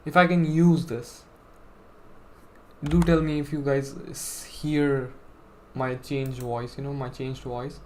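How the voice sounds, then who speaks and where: Speaking slowly in a flat, mid-range voice over slight hiss or hum, a young man live-streams a game from home. He's chatty and self-deprecating, rambling to his audience with frequent "bro" and "like".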